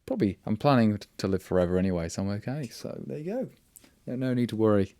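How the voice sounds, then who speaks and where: A man's voice: lowish voice, very animated, quick pace, mellow, no room sound. A man hosting a casual programming livestream, rambling and wry, often breaking off mid-word and restarting. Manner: rambling, self-interrupting, wry. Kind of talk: casual live coding chat.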